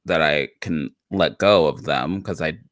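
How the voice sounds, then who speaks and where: A woman's voice: a bass voice, measured pace, no echo, clean studio sound, faint music behind. A woman co-hosting a live talk show, chatting casually about politics and repeating phrases for emphasis. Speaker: podcast co-host.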